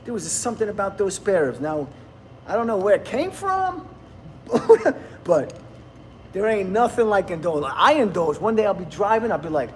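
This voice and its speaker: A man's voice: high-pitched, sing-song, moderate pace, slight background noise. A man, rambling bluntly and laughing often in casual livestream chat with viewers. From New Jersey, USA. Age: 50s. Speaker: livestream host.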